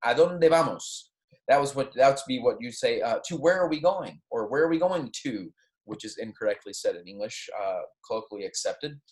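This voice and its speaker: Animated man teaching Spanish. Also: medium pitch. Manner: animated, explaining with frequent fillers and checks like "right?" and "okay"; modeling Spanish phrases with pronounced rising intonation. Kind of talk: recorded classroom lecture.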